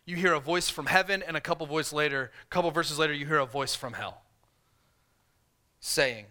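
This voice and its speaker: Bright-voiced male pastor preaching. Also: moderate pace. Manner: conversational preaching, voicing the tempter in soft low tones. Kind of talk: sermon.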